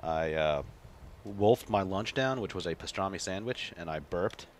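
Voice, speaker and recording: Deadpan man with a deep voice. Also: normal speed, slight background noise. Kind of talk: casual comedic chat.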